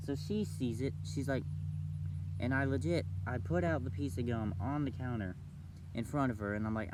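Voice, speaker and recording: A young man vlogging, telling a story casually and acting out the other people's voices with big jumps in pitch. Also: normal speed, background noise. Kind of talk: storytelling vlog.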